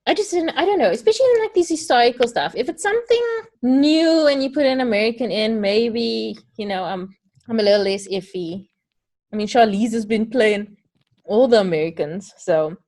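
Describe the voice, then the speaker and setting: A woman's voice: a little high, normal speed, a little mellow. A South African woman hosting a podcast in a casual, easygoing chat, laughing often. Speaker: podcast host.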